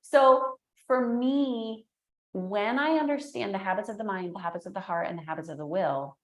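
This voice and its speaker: Animated woman in an echoey room. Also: mid-range voice, normal speed. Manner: energetic, animated storyteller who acts out quotes. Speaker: guest, entrepreneur and speaker. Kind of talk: casual interview chat.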